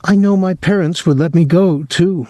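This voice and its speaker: A man's voice: high-pitched, normal speed, warm tone, dry recording, clean studio sound, pitched above the performer's own voice, lightly acted. A man voicing an upset young woman near tears who pleads heatedly, in an audiobook reading. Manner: heated, quavering.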